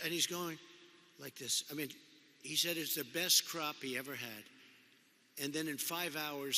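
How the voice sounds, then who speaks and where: A man's voice: on the high side, normal speed, bright, forceful tone. A man giving an off-the-cuff political speech as president, rambling and repeating himself with conversational asides. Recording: long echo of a big hall.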